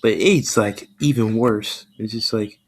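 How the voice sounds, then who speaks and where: A man's voice: fairly low pitch, measured pace. A man casually retelling a fan story, rambling with lots of "like" and freely swearing.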